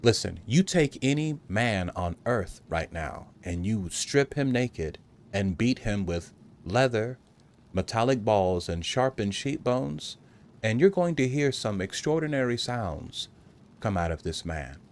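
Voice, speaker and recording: A man hosting a provocative monologue, talking slowly and graphically, mocking in a raised voice at times and addressing listeners as gentlemen. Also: lowish voice, lively intonation. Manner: slow, graphic, mocking, acts out taunts in a raised voice. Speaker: podcast host.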